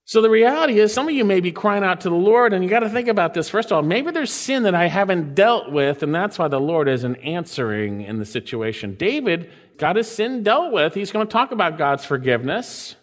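A pastor preaching a sermon, swinging between loud and soft and slowing down to stretch out quoted scripture. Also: male voice, high-pitched, lively intonation, big-room sound.

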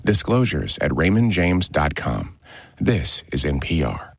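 A man reading a sponsor announcement for radio in a smooth announcer's read. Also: extremely low pitch, big pitch swings, unhurried, no room sound, clean studio sound.

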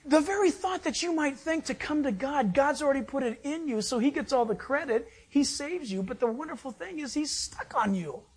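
Dramatic preacher swinging loud to hushed. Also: high-pitched, lively intonation, normal speed, few pauses. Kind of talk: sermon.

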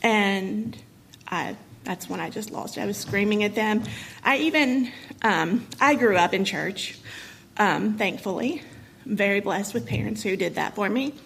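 A woman in her thirties with a husky voice, telling a painful personal story to an audience, emotional and halting, with many pauses and fillers. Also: medium pitch, animated, fairly bright tone, slight background noise, low-quality recording. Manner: emotional, halting, many ums and you-knows.

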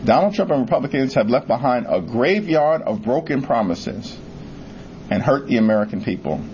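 A man speaking at a news conference in a firm, deliberate political delivery. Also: mid-range voice, lively intonation, a little mellow, lo-fi sound, slight background noise.

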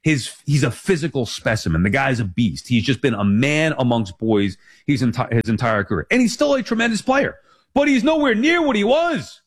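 A man's voice: medium pitch, expressive, moderate pace. A man in his forties hosting a sports talk show, rambling and emphatic as he corrects himself. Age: 40s.

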